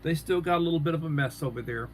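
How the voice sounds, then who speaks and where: Rambling livestreaming man, slightly high voice. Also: racing. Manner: rambling, answers chat comments aloud. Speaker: livestream host. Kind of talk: casual live-stream chat.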